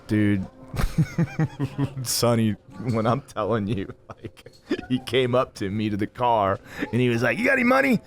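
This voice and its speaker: A man co-hosts a podcast from a gym coffee bar, telling a rambling story full of profanity and laughter in a casual chat. He talks slowly in a mid-range voice.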